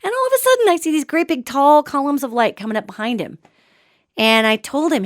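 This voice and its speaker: A woman hosting a show and telling a story in an animated, dramatic way, with sudden swings between loud and soft. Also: high voice, a little fast, dry recording, studio quality. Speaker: podcast host and psychic. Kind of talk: storytelling monologue.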